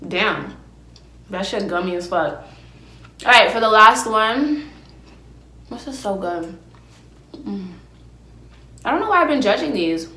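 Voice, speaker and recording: Woman podcast host, young adult, brash and profane, casual solo chat, phone recording, middle pitch, echoey room. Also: lively intonation, slow pace, pauses often, sharp tone. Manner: brash, profane storytelling, eats while talking. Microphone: phone camera with ring light. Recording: roomy echo.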